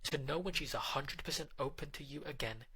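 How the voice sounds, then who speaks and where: Male relationship coach, direct and instructive, bright voice with a husky edge. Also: fairly high pitch, fairly quick, low-quality recording. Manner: direct, instructive, addresses the listener. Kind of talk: narrated relationship advice.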